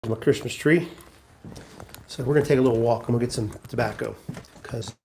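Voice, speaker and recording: A man's voice: mid-range voice, brisk, gravelly, darkish tone, a little hiss or hum. A man hosting a casual live stream, rambling as he greets viewers by name and walks around his home with a handheld camera. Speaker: livestream host.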